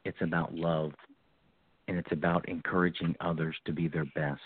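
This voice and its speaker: A man's voice: low-pitched, level tone, moderate pace, slightly rough. A man hosting a call-in psychic reading show, giving reassuring, coaching advice to callers. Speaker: psychic radio host. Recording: tinny phone-like line, dry.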